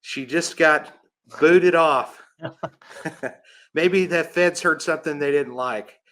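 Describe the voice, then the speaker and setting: A man's voice: fairly high pitch, slow pace, bright, forceful tone. A man hosting a casual interview, joking and laughing easily. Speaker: host. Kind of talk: casual chat.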